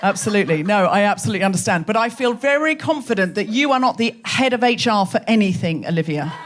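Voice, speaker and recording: A woman with an English accent and a faint Australian trace, hosting a live comedy show in a theatre with quick, teasing audience banter. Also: medium pitch. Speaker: comedy podcast host.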